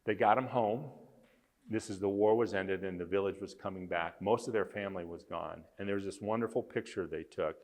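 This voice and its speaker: Low-voiced man telling a story in a hall. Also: a little fast, darkish tone. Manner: earnest storytelling, retelling scenes with emphasis. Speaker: conference speaker. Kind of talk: storytelling talk.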